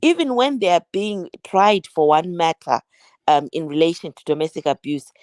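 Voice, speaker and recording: A woman with a British accent giving earnest, measured advice on a call-in show. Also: fairly low pitch, a little mellow, no echo. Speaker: guest speaker.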